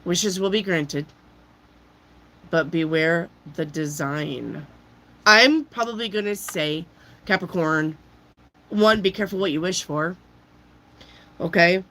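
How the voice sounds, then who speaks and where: Lady reading tarot cards with a cold, slow and chatty, keeps clearing her throat. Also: on the low side, a bit bright, poor audio. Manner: loose and chatty, reads slowly, clears throat. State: has a cold. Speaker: tarot reader.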